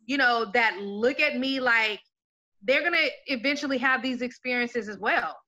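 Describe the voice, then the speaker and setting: A woman and mother in casual chat, animated and laughing, swearing freely and acting out her own reactions in quoted asides. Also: a little high, normal speed.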